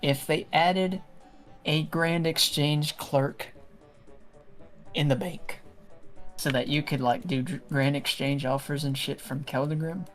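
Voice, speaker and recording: A man streaming a game, telling stories in a lively, casual way and swearing freely. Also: fairly high pitch, slow pace, long pauses, faint music behind. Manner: animated storyteller, swears freely. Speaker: streamer playing an online game. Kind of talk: casual gaming chat.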